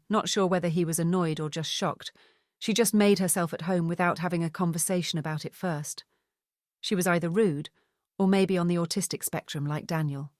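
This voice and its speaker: A woman reading an audiobook novel in a steady, even narration. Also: lowish voice, no echo, studio quality.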